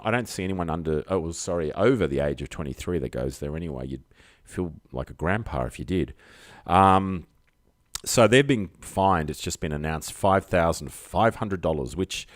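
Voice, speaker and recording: A man's voice: extremely low pitch, no echo, clean studio sound. An Australian man hosting a casual live stream, rambling through jokey, chatty asides to his viewers. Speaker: host.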